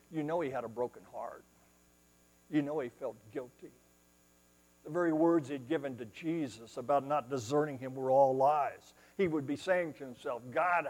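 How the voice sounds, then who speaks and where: A male preacher delivering a sermon, retelling scripture as dramatic storytelling, rising to loud exclamations and dropping to hushed asides. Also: a little high, big-room sound, poor audio.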